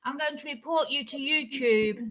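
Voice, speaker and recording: High, sharp-voiced angry woman. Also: normal speed. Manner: angry, profane, defensive. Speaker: panel guest. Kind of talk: heated livestream argument.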